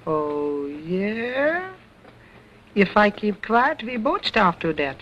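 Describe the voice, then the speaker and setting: A man's voice: high voice, very animated, very slow, sharp tone, slight background noise, voice pushed up, exaggerated voice. A man voicing a cheeky little boy ventriloquist dummy, wisecracking in broken English, on a dull lo-fi old recording. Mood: sassy.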